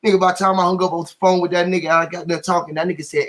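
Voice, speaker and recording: A middle-aged man telling a story in casual chat, animated and profane, acting out what others said. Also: sits high, very fast. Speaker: guest storyteller.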